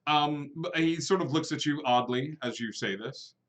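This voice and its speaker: A man's voice: on the high side, moderate pace. A man narrating as game master of a tabletop role-playing game, talking casually with many fillers and lightly voicing the characters he plays.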